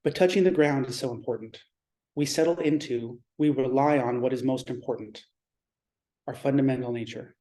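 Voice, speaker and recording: Male Zen teacher, dharma talk; mellow, warm tone, reflective delivery with pauses. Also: medium pitch. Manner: reflective, measured, with pauses and restarts.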